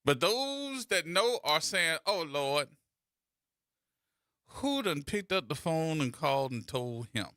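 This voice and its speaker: A man's voice: on the high side, big pitch swings, slow, sharp tone, dry recording, clean studio sound. A man hosting a radio talk show, teasing and telling stories in a playful way.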